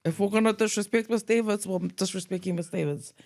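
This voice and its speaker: A woman, co-hosting a podcast, telling school stories in a casual, lively way, acting out quoted voices and mixing in Tongan words. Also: mid-range voice, fast. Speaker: podcast co-host. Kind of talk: casual storytelling chat.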